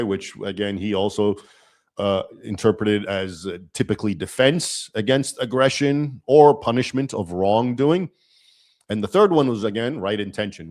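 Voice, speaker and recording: A man's voice: lowish voice, darkish tone. A man hosting a livestream, explaining in a lecturing manner and often checking in with "okay?". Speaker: livestream host.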